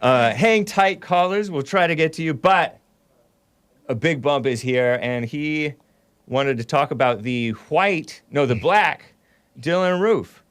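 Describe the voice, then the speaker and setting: A man hosting a call-in show, sarcastic and quick to laugh as he steers the talk. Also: fairly high pitch, fairly bright tone, clear, resonant tone. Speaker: host.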